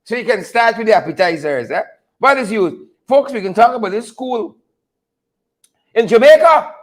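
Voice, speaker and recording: A man hosting a livestream, animated and repetitive, laughing often and greeting viewers by name. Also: high voice, moderate pace. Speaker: livestream host. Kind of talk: casual livestream commentary.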